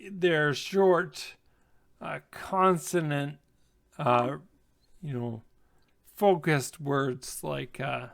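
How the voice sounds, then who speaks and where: Slow gravelly male game master. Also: fairly high pitch, fairly bright tone. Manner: unhurried, many fillers. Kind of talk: narrating a tabletop game.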